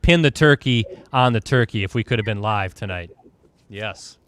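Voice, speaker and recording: A man's voice: fairly low pitch, normal speed, a bit bright. Upbeat man from Wisconsin hosting a sports show. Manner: upbeat, runs a quiz game and keeps the pace moving. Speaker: host. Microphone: video call.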